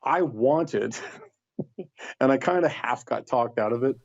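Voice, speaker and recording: A man's voice: medium pitch, slow, no echo, highs cut off. A middle-aged man casually telling a story, acting out the other people's lines in livelier voices. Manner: animated, acts out voices in quotes. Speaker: podcast guest.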